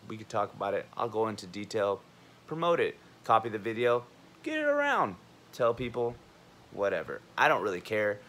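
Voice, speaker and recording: Young army vet guy ranting to camera, lowish voice, swears a lot, rambles, faint hum behind. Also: fairly bright tone. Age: young adult. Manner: heated, profane, rambling. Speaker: army veteran vlogger. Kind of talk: casual rant to camera.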